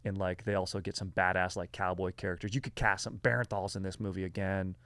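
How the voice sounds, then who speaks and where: A man's voice: low voice, little pitch movement, quick pace, fairly bright tone, no room sound. A man hosting a podcast, telling a history story in a rambling, slangy, casual way full of fillers. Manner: rambling, filler-heavy, slangy, says dude and bro.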